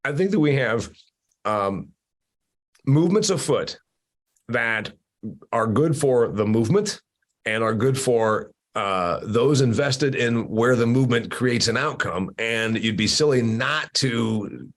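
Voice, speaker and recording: A man's voice: mid-range voice, animated, slow pace. A man hosting an opinionated discussion over a video call, emphatic and teasing, with many restarts. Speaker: podcast host.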